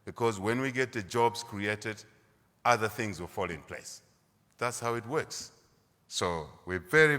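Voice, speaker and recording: A man's voice: lowish voice, pushed and bright. A middle-aged Zambian man, a government leader, giving a formal public speech and repeating key phrases for emphasis. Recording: long hall reverb.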